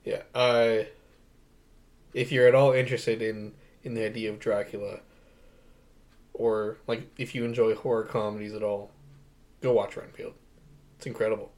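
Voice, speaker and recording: A young man co-hosting a podcast gives a casual, excited movie review, full of rambling and frequent laughter. His fairly low, slightly mellow voice holds a level tone at a moderate pace with long pauses.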